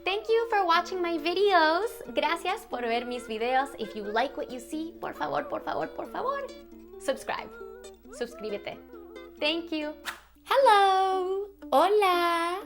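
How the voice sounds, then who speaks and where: Slow, high-voiced woman teaching toddlers. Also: lively intonation, soft background music. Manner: slow, exaggerated sounding-out of Spanish words. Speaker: children's Spanish teacher. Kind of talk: bilingual toddler lesson, slow and sing-song.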